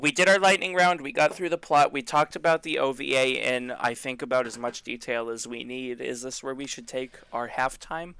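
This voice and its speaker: Guy cohosting a podcast, bright crisp voice, dry close sound, joky and rambly. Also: medium pitch, steady tone, moderate pace, few pauses, dry recording. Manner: joking, rambling anime recap with self-mocking asides. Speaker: podcast co-host. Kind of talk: casual chat.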